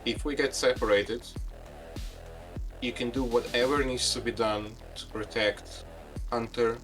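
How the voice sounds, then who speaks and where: Man voicing Tony, earnest commander, far mic, loud music bed. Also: mid-range voice, natural voice.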